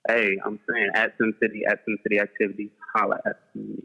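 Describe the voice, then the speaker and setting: A man's voice: lowish voice, monotone, fast talker, creaky, bright, forceful tone, slightly rough, highs cut off. A man calling in as a guest for casual chat, laid-back and slangy, often repeating words as he gets going. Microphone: call-in remote audio.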